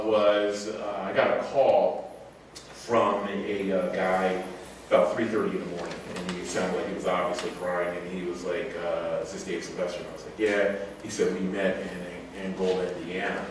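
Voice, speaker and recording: A man giving a casual, rambling talk to an audience, telling stories loosely and laughing often. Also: deep voice. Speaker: speaker telling travel stories. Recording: echoey room, mic far off, faint noise.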